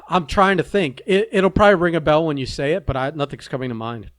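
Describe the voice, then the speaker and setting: A man's voice: a little high, lively intonation, brisk, dry recording, clean studio sound. A man co-hosting a podcast in casual chat, sarcastic and laughing often. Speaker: podcast co-host.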